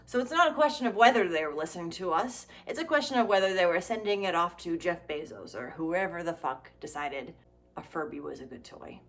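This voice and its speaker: A woman's voice: on the low side, brisk, slight background noise. Sarcastic woman vlogger, swearing freely. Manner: sarcastic, swearing, animated asides. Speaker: comedy vlogger. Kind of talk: casual comedic commentary.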